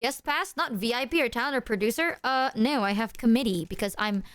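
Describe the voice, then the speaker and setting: A woman streamer chatting to her viewers, excitable and apologetic as she shows off gifts. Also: on the high side, a little fast, clear, resonant tone, no room sound. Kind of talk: casual stream chat to viewers.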